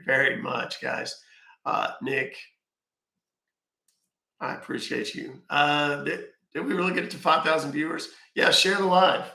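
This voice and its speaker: Gravelly, bright-voiced man hosting a live stream. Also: on the high side, echoey room. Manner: rambling, thanks viewers by name, swears casually. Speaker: live-stream scambaiter host. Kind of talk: casual live-stream chat. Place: at home.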